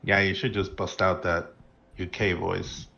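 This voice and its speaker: A very low male voice, dull and a little lo-fi, delivering dry, flat banter beside a race. He sounds bored even when he says he is excited, and he drops casual swearing in the chat. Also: measured pace, gravelly. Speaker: co-commentator. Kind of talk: casual live race commentary.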